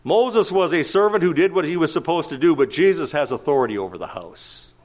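Animated male preacher, slightly high voice with very lively pitch, teaching a sermon with rhetorical questions. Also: fairly quick. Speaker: pastor.

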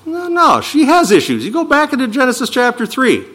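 A man preaching a sermon, reading scripture slowly and with emphasis, then explaining it in quicker asides. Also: extremely high pitch, wildly swooping pitch, fairly bright tone, breathy edge. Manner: emphatic, swings from slow declaiming to quick asides. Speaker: pastor.

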